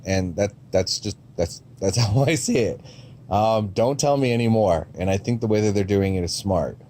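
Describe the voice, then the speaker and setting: A man's voice: on the low side, moderate pace, dark tone, a little hiss or hum. A man giving a casual, rambling review of movie trailers, with frequent ums and restarts and a blunt, sometimes profane way of talking.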